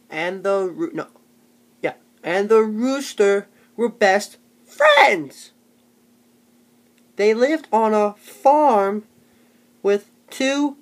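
A dim-witted teenage boy stumbles through a passage read aloud in class, as a young man mimics him, dragging out every word at a crawl. The voice sits high and loud, and each line is broken by stalls and restarts. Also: full character voice. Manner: halting, stumbling, drawn-out words. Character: slow, dim teen boy reading aloud haltingly.

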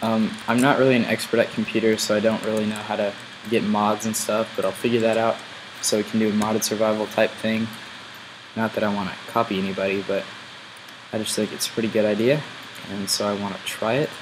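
A man's voice: lowish voice, level tone, brisk, noisy background. A man casually commenting while he plays a game, thinking aloud as he goes. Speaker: gameplay video host.

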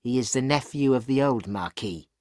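A man voicing a stern, fierce French wine-shop woman in an audiobook, speaking in a firm, grim, measured way. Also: medium pitch, animated, darkish tone, no echo, studio quality, lightly acted. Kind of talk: graded reader audiobook acting.

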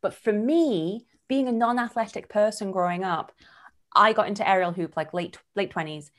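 A woman's voice: medium pitch, normal speed. A woman in her thirties hosting an online workshop over a video call, talking candidly and animatedly. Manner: candid, animated, acts out quoted voices. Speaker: workshop host.

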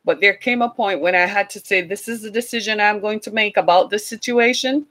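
A woman in her forties delivers a storytelling sermon with real animation. Her voice sits in a middle register and leaps upward whenever she acts out the people in her story. She moves between playful anecdote and earnest encouragement. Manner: animated storytelling, acting out quoted dialogue in a higher voice. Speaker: speaker addressing a congregation.

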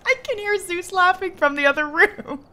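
Giggly high-voiced woman streamer. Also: normal speed, bright, forceful tone, slight background noise. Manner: giggly, laughs often, playful. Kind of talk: casual chat while gaming.

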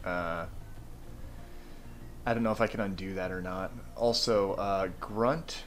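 A man's voice: sits low, steady tone, a little slow, slight background noise. A man hosting a casual podcast, reading viewer questions with many hesitant fillers. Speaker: podcast host. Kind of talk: casual chat.

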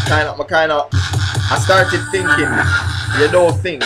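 A man's voice: fairly high pitch, steady tone, unhurried, pauses often, over loud music. A man, a grime MC ranting in a casual vlog about flubbing his bars, swearing and repeating himself. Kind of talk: casual vlog rant while rehearsing bars.

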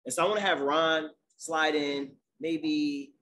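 Man, podcast host, upbeat, playful, slightly higher voice. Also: a little slow. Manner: energetic, playful hype when introducing guests. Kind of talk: casual live podcast conversation.

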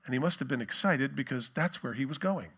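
A male pastor preaching a sermon in a relaxed, conversational way with joking asides. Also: medium pitch, fairly quick, slightly rough.

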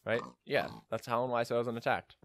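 A man's voice: mid-range voice, a little fast, fairly bright tone, slight background noise. A young man giving casual let's-play commentary, rambling with joking asides as he plays. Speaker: gamer.

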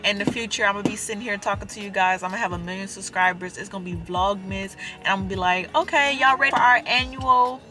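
A young woman and mother of four, vlogging casually from her car and talking straight to her viewers with lively emphasis. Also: medium pitch, quick pace, few pauses, soft background music. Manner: animated and emphatic, addresses viewers as y'all. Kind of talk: casual chatty vlog talk.

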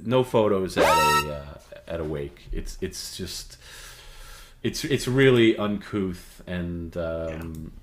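A man co-hosting a livestream, lecturing with halting restarts. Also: low voice, animated, background noise. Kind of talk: casual chat. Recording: roomy sound over loud music.

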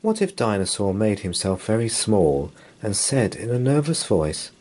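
Storyteller: low-voiced man, animated bedtime read-aloud, gentle and expressive. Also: normal speed, few pauses.

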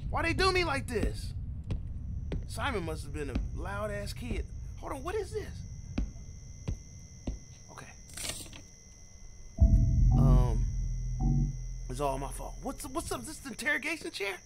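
A man playing through a horror game, reacting out loud in jumpy, slangy commentary and talking to himself. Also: extremely high pitch, huge pitch swings, a little slow, long pauses, very noisy. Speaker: gaming channel host.

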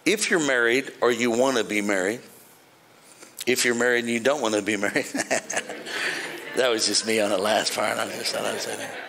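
A male pastor preaching a sermon with jokes, swinging between shouted praise lines and quiet, dry asides to the congregation. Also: fairly low pitch, moderate pace, gravelly, pauses often.

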